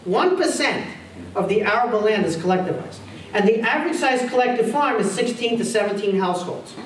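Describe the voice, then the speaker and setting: A man's voice: very high voice, slight background noise. A man giving a university history lecture, emphatic, firing off rhetorical questions and repeating his key phrases. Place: lecture hall. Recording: roomy hall audio picked up from a distance.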